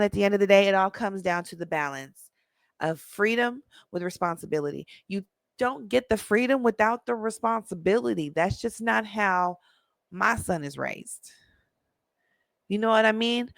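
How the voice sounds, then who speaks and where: A woman's voice: medium pitch, animated, moderate pace, gravelly, no room sound. A middle-aged woman talking casually to her viewers, chatty, emphatic and a little preachy. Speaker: parenting vlogger. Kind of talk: casual monologue to camera.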